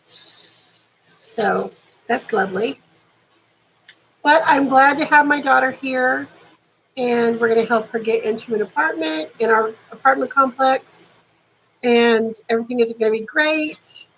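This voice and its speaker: A woman's voice: high-pitched, steady tone, moderate pace, a bit bright, dull audio, a little hiss or hum. A woman in her fifties chatting casually to camera at home, dropping dry sarcastic asides. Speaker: beauty vlogger. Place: warm apartment at home.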